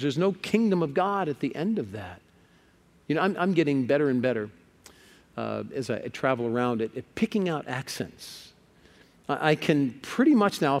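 A man preaching a sermon, lively and conversational, stammering on words and putting questions to the congregation. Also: fairly high pitch. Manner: lively, repeats words when stuck, asks the crowd questions.

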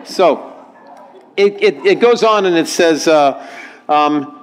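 Lively man preaching a sermon. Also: a little high, slow pace, pauses often. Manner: lively, reads aloud and quizzes the congregation. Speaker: pastor. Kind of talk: sermon with call and response.

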